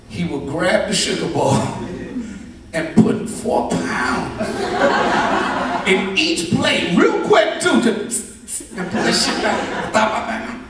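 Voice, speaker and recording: A man performing stand-up, his voice pitched high and swinging widely as he acts out profane family stories. He is heard from a distance in an echoey room, with the crowd laughing loudly behind him. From Latino family. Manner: animated, profane storytelling with acted-out voices. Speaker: stand-up comedian. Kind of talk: stand-up comedy set. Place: comedy stage before a live audience. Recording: echoey live room, mic far off. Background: audience laughter.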